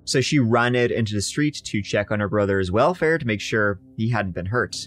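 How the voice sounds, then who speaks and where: A man's voice: fairly low pitch, normal speed. A British man co-hosting a podcast, telling a true crime story in a casual, jokey way and acting out quotes. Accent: British English. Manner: animated, jokey, acts out quotes in bursts. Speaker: podcast co-host.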